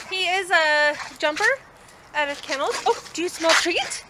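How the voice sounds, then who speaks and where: A woman's voice: extremely high pitch, moderate pace. A woman who works at an animal shelter, filming outdoors on a phone and coaxing a dog with repeated commands and calls. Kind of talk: casual talk to a dog while filming. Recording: loud background noise outdoors.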